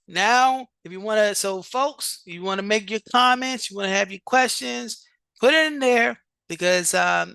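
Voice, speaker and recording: A show host reads out vote results on a live stream in a slow, drawn-out way. The voice is bright and forward, with repeated words and restarts, and the sound is dry and close. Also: mid-range voice, vocal fry, clear, resonant tone, dry recording. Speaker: competition coach and show host.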